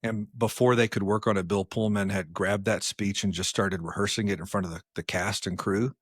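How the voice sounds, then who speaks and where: Low-voiced laid-back podcast man. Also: steady tone, a little fast, slightly rough, no echo, clean studio sound. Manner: chatty, laughs at himself, trailing restarts. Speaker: podcast co-host. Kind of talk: casual chat. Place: podcast studio filmed on camera.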